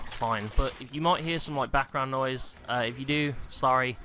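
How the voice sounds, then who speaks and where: A man's voice: mid-range voice, normal speed, few pauses, bright, forceful tone, a little hiss or hum. A young man giving casual gameplay commentary, out of breath, rambling and full of um and like. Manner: rambling, heavy on fillers like um and like. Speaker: gaming YouTuber. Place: small stuffy room at home.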